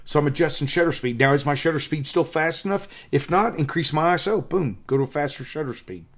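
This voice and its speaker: A man's voice: a little high, expressive, fast. A man in his fifties with a Southern US accent teaches in a loose, conversational way. He drives his points home with emphasis and says them again so they stick. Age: 50s. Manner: emphatic, repeats key points. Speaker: photography instructor. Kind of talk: casual teaching monologue.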